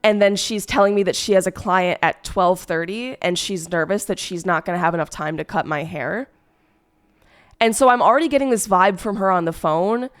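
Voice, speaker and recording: A woman's voice: mid-range voice, moderate pace, clear, resonant tone. A woman streamer who is sick, telling a story in a rambling, exasperated way with lots of fillers. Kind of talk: casual storytime chat.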